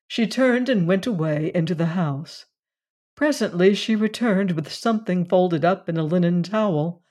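A reader giving a measured, scripted narration of a classic mystery story. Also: medium pitch, a little mellow. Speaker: audiobook reader.

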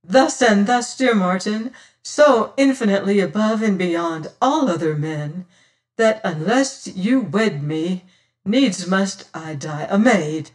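An audiobook reader voicing a gentle young noblewoman who speaks softly in old-fashioned speech. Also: medium pitch, animated, slow. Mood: tender. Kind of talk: audiobook reading.

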